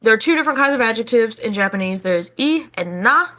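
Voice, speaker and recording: A woman teaching a casual online language lesson, explaining in a relaxed, chatty way with casual fillers. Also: on the high side, quick pace.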